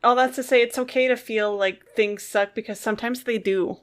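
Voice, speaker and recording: A woman's voice: on the high side, fairly even intonation, a little fast. A woman co-hosting a podcast in casual chat, speaking sincerely and supportively. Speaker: podcast co-host.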